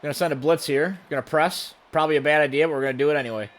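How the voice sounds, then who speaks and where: A man talking through his own game session as he plays, calling each move in a running play-by-play. His voice sits a little high, and he bursts into loud excitement when plays go wrong. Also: racing. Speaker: gaming channel host. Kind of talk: let's play commentary.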